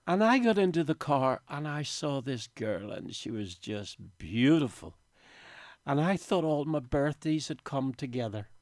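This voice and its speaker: A man's voice: mid-range voice, a little mellow, no echo, studio quality. Older man, emotional storyteller. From Northern Ireland. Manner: emotional storytelling, tearful at times. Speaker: interview guest. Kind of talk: radio interview. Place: radio studio. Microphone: studio microphone.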